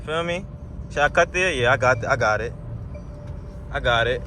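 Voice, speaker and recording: Speaking at medium pitch and an ordinary pace, a young car vlogger addresses his viewers directly while driving, captured on an in-car camera. His commentary is casual and slangy, growing loud and excited when he accelerates, with faint road noise in the background.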